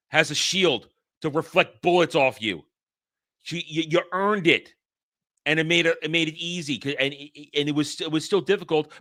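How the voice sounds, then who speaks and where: A man co-hosting a casual podcast chat, talking in an animated, exasperated way with many restarts. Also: on the high side. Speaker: podcast co-host.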